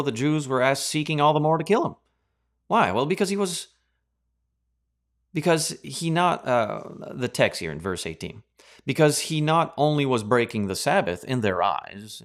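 A man preaching a Bible teaching sermon in a sarcastic, animated way, acting out reactions. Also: medium pitch.

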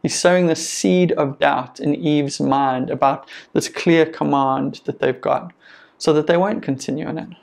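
A man's voice: fairly high pitch, fairly even intonation, a little slow, creaky. A man preaching a sermon as pastor, earnest and encouraging, with conversational asides to the congregation.

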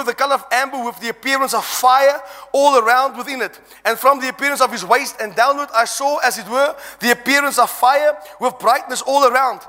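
A man's voice: very high-pitched, pushed and bright. A man preaching an impassioned sermon, reading scripture aloud and exhorting his congregation. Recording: long reverb in a large hall.

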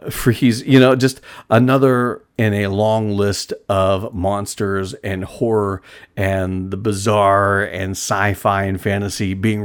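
A middle-aged man hosting a casual monologue, rambling with many fillers and restarts and chuckling often. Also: on the low side. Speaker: podcast host.

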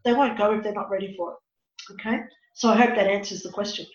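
A woman working as a psychic medium and counsellor, telling a story in an animated, dramatic way during an interview. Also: mid-range voice, quick pace. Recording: echoey, dull lo-fi room.

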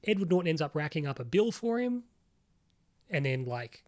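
Podcast co-host, man, slightly high-pitched, chatty and animated, swears casually. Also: normal speed. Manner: rambling, animated, swears freely, lots of "like". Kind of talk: casual chat.

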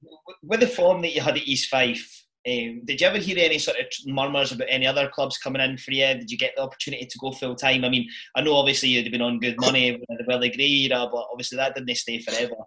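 A man hosting a casual interview, relaxed and quick to laugh as he stumbles into his questions. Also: mid-range voice, rough recording. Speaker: podcast host.

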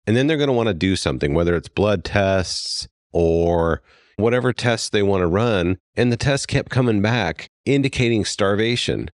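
Deep-voiced, earnest male podcast host. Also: expressive, normal speed, no echo, studio quality. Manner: earnest, gets worked up and apologetic. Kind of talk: casual podcast talk.

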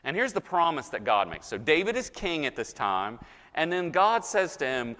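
A man's voice: mid-range voice, very animated, normal speed, bright, forceful tone. A male pastor preaching a sermon, conversational and teaching, checking in with his listeners. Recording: hall reverb.

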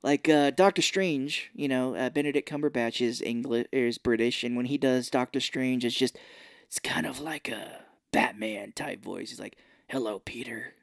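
A man's voice: medium pitch, normal speed, gravelly, dry recording, clean studio sound. An American man co-hosting a podcast, casually recapping a movie and acting out its characters in exaggerated voices. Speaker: podcast co-host.

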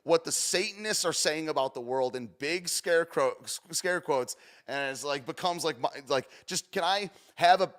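A young man giving casual, rambling commentary as he reacts to a clip, swinging between loud and soft. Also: on the high side, normal speed, few pauses. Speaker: streamer reacting to a news clip.

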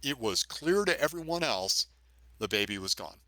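A man's voice: medium pitch, sing-song, normal speed, pushed and bright, no echo. A middle-aged man, a retired police officer, recounting his own experience as a podcast guest in earnest, vivid storytelling with emphatic repetition. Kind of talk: personal story in a podcast interview.

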